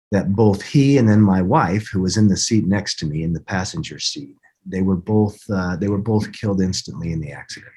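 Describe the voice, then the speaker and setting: Husky middle-aged man, halting and earnest. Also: deep voice, darkish tone. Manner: earnest, halting, restarts often. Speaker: podcast guest. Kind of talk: recounting a personal story.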